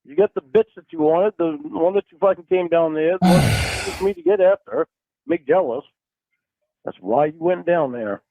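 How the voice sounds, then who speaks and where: A man's voice: high voice, moderate pace, vocal fry, dark tone, no room sound. A man arguing angrily and swearing on a recorded phone call. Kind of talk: heated phone argument. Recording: tinny phone-line recording.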